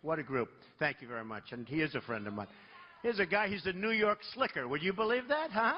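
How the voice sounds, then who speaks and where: Male candidate at a rally: husky, very animated, boastful, off-the-cuff. Muffled lo-fi sound. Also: fairly high pitch, brisk. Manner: rambling, boastful, conversational storytelling. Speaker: presidential candidate. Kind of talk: campaign rally speech. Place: large rally venue.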